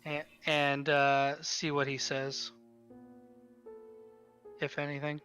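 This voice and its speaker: A man playing in a tabletop game who speaks hesitantly, in halting phrases. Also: on the high side, monotone, sharp tone, soft background music. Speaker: player. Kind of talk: casual tabletop play.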